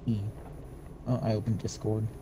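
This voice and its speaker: A man's voice: lowish voice, completely flat delivery, normal speed, warm tone, slight background noise, low-quality recording. A young man joking around and giggling through casual gameplay chat. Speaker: gaming co-player.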